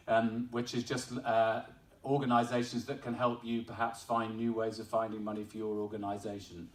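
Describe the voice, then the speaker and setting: Man, English accent, informal speech, self-deprecating, roomy echo, far from the mic. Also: mid-range voice. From Wales. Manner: chatty, self-deprecating, laughing at his own story. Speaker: member of parliament. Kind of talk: informal speech at an awards ceremony. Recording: echoey hall, voice picked up from afar.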